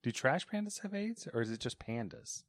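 A man's voice: medium pitch, sing-song, a little fast, dry recording. A man hosting a gaming podcast, talking casually in a dry, self-deprecating way that often trails off. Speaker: podcast host.

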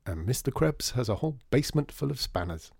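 A man's voice: medium pitch, sing-song, brisk, creaky, darkish tone, breathy edge, no room sound, clean studio sound, pitched above the performer's own voice, heavily acted. A man doing a wry, cautious dad. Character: cautious, practical father.

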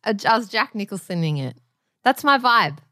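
Playful, lively woman podcast co-host. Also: mid-range voice, normal speed, dry recording, studio quality. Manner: playful, giggly, teasing. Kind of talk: casual chat.

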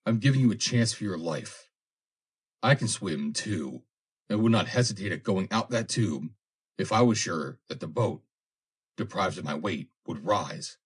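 A man's voice: low voice, animated, unhurried, husky, heavily acted. A man doing a grim, stern hero. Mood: stern, scornful. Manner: grim and quiet. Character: grim, stern young man commanding in a crisis.

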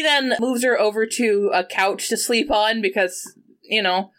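A woman's voice: medium pitch, unhurried. A woman hosting a podcast, recapping a movie plot in casual chat and acting out the characters' lines. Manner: animated retelling, acts out characters' lines. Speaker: podcast host.

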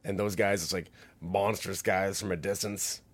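A man's voice: deep voice, fairly even intonation, moderate pace. A man co-hosting a podcast, chatting casually and rambling with many fillers. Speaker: podcast co-host. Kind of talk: casual chat.

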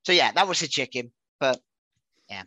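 A man hosts a relaxed football talk show with a bright, forceful voice. He chats and laughs easily, and his sentences often fade to a mumble. The sound is close and dry. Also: mid-range voice, normal speed, no echo. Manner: chatty, laughing, trailing off quietly. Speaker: podcast host. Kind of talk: casual football chat.

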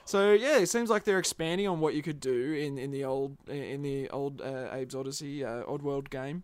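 A man, co-hosting a casual chat about video games, animated and jokey and quick to laugh. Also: mid-range voice, clear, resonant tone, dry recording. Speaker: podcast co-host.

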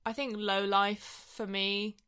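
A woman's voice: medium pitch, flat delivery, slow, fairly bright tone, smooth. A woman co-hosting a casual film-review podcast, blunt and opinionated, laughing often. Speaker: podcast co-host.

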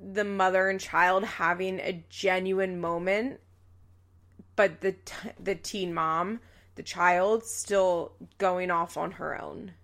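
A woman's voice: lowish voice, fairly even intonation, slow, fairly bright tone. A young woman hosting a show who recaps a reality series in casual, chatty talk, full of "like" fillers. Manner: chatty, frequent "like" fillers, quotes people in passing. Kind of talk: casual chat.

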